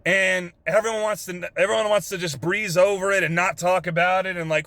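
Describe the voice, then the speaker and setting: A man's voice: high-pitched, fairly even intonation, a little fast, sharp tone, no echo. A young man from Texas with a drawl, earnestly telling an emotional story in his car, swearing casually with lots of fillers. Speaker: vlogger. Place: parked car.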